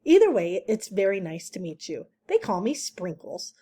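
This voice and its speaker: A woman voicing a friendly, chatty female skunk in a storybook reading, with a high, eager voice. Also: big pitch swings, moderate pace, mellow, breathy edge.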